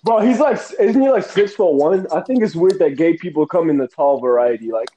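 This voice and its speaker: A man's voice: fairly high pitch, animated, fairly quick, warm tone, poor audio. A young man in casual chat with friends, laughing and teasing in loose slang. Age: young adult.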